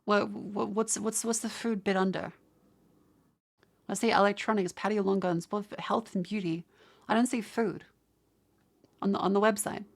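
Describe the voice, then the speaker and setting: A woman's voice: mid-range voice, steady tone, moderate pace, creaky, long pauses. A young Australian woman streaming live, chatting casually, exasperated and swearing as she rants at her chat.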